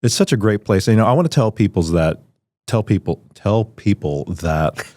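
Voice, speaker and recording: Deep-voiced man in casual podcast chat. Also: lively intonation, moderate pace, warm tone, no echo. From Filipino family. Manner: rambling, many fillers and restarts, laughs easily. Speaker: podcast co-host. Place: podcast studio.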